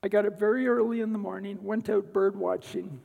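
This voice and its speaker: Guy giving a church testimony, high-ish raspy voice, long echo like a big sanctuary. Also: fairly even intonation, fairly quick, phone-quality sound. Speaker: guest church speaker. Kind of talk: sermon-style personal testimony.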